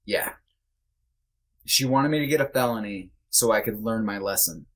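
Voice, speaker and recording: A man's voice: lowish voice, normal speed, fairly bright tone. Candid man telling his own story. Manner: candid and blunt, with frequent swearing; loose and conversational, with many fillers. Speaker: podcast guest. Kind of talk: personal storytelling in a podcast interview.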